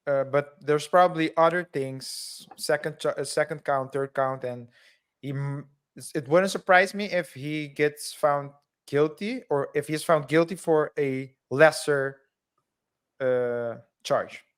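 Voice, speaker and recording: A man's voice: fairly high pitch, measured pace, clear, resonant tone. A man co-hosting a casual discussion show, joking and restarting his sentences as he talks. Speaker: podcast co-host. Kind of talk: casual chat.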